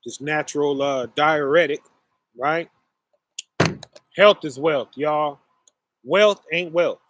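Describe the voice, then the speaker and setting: Slow-talking man chatting to viewers. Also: a little high, fairly bright tone. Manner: slow, rambling, many fillers, addresses audience as y'all. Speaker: online show host. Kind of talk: casual monologue to viewers.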